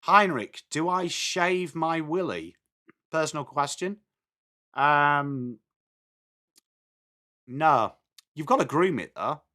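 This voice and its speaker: On the high side with lively intonation, this bright, forceful voice moves at a slow pace with long pauses. It's an English man from England, an adult with children, hosting a live football watch-along where he calls the play and chats to viewers. Chatty, he switches between commentary and viewer comments.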